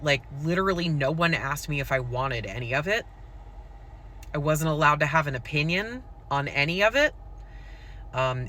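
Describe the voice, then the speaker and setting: Speaking to camera, a mother of school-age kids who works as a poet and content creator shares a frank personal story peppered with "like" and "um". Her voice sits low and sounds pushed and bright. There's slight background noise.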